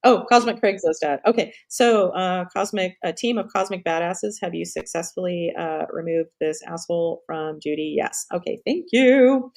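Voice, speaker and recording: A woman's voice: lowish voice, fairly even intonation, moderate pace, creaky, hardly any pauses, a little mellow. A middle-aged woman hosting a live stream in casual chat, rambling off on tangents, swearing and laughing often.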